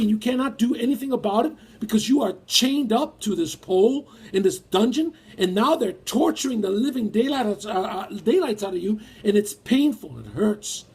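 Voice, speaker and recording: Husky high-voiced male preacher. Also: a little mellow. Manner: emphatic, rises when acting out feelings. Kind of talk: sermon.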